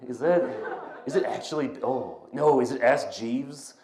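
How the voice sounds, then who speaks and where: A man's voice: mid-range voice, expressive, normal speed, crowd noise. A young man in his twenties doing a rambling, self-deprecating stand-up set, stammering and restarting his lines. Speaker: stand-up comedian. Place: small comedy venue. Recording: echoey, poor-quality live room recording. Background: audience laughter.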